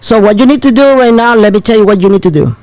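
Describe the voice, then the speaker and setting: A man hosting an online talk, telling a story in an excitable, animated way and repeating himself. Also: high voice, quick pace, dry recording. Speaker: host. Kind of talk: casual storytelling.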